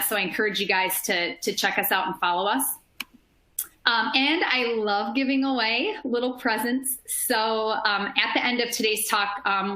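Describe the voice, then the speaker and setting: A woman with a Midwestern accent giving an upbeat, energetic marketing webinar, with frequent ums. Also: medium pitch, echoey room. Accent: Midwestern American. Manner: upbeat, energetic, many fillers. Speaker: marketing speaker. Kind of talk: webinar presentation.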